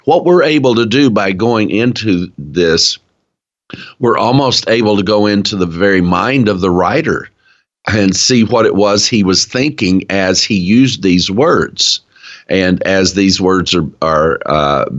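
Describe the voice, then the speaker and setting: A low-voiced man with an East Tennessee accent co-hosts a casual Bible study, speaking in an earnest, drawn-out preaching cadence. The recording has a dull, lo-fi sound.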